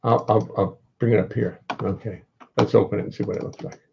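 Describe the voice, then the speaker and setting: Gravelly man rambling between songs. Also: fairly low pitch, fairly even intonation, lo-fi sound, background noise. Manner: rambling, self-deprecating, halting. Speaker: jazz bassist and singer. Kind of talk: casual chat between songs on a livestream.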